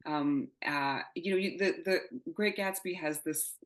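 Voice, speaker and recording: Woman, thirties, low-pitched voice, candid, rambling, laughs and swears, interview guest. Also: measured pace, poor audio. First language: not English. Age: 30s. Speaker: playwright guest. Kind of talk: casual interview chat.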